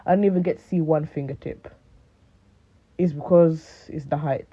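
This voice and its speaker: A woman's voice: deep voice, normal speed, breathy edge. Chatty young woman, thin phone-like sound. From United Kingdom. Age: late teens. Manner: animated, rambling, lots of fillers. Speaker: vlogger. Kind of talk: casual chat to camera.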